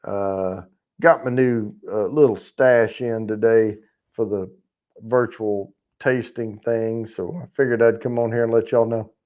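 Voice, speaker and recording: A man's voice: lowish voice, steady tone, unhurried, darkish tone. A man hosting a casual livestream, rambling and chatting with viewers in the chat, swearing freely as he talks. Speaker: livestream host.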